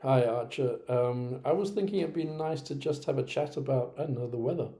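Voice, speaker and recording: A man presenting a software tutorial to teachers, talking casually with frequent hesitations. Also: mid-range voice, fairly quick. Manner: relaxed, hesitant, many ums. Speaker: teacher-trainer presenting a platform. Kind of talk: casual screen-recorded tutorial.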